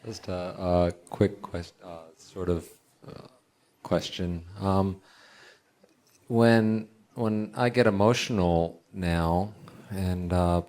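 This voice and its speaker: A man's voice: low voice, a little mellow. A man in the audience asking a spiritual teacher a question, hesitant and full of restarts. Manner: hesitant, many restarts and fillers. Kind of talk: halting question from the floor. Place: meeting hall, in the audience.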